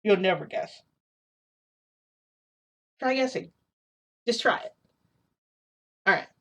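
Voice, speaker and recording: A woman's voice: mid-range voice, expressive, takes it slowly, a bit bright. A young adult woman telling a story in a casual, rambling, filler-heavy way.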